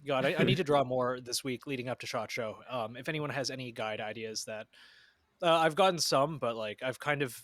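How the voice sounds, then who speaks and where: A man co-hosting a podcast in relaxed, profane, joking chat. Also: mid-range voice, fairly quick, no echo. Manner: laid-back, profane, joking. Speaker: podcast co-host. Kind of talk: casual chat.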